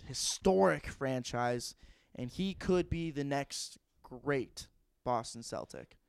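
Enthusiastic guy cohosting a sports pod, smooth clear voice, keeps restarting his sentences. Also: mid-range voice, lively intonation, slow, no room sound, clean studio sound. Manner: enthusiastic, emphatic, restarts often. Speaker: podcast co-host. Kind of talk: casual sports chat.

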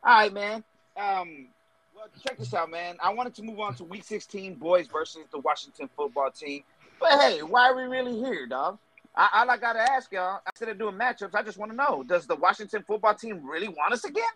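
A man's voice: sits high, lively intonation, brisk, fairly bright tone, low-quality recording. A man hosting a sports podcast, hyped and slangy, steering the talk. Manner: hype, slangy. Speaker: podcast host. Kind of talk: casual sports chat.

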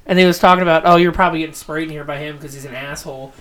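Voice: mid-range voice, rapid-fire. A podcast co-host telling a work story in casual chat, acting out what each person said. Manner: animated storyteller, acts out quoted lines.

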